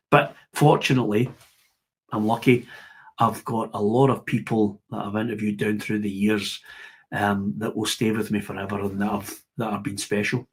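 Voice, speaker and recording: A middle-aged man with a Scottish accent talks over his broadcasting career as a podcast guest. His voice is husky and mid-pitched. He tells lively stories and acts out the players he quotes. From Scotland. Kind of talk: casual interview chat.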